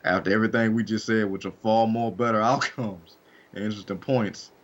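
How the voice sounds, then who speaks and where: Deep-voiced man rambling in casual podcast chat. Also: steady tone, brisk, muffled recording. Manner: rambling, many fillers and restarts. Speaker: podcast co-host.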